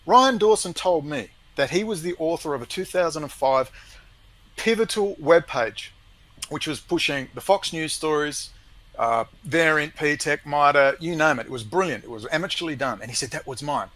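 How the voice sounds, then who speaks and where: A man's voice: fairly high pitch, expressive, normal speed, fairly bright tone, low-quality recording. A man ranting emphatically and scornfully in a heated conversation, with many restarts.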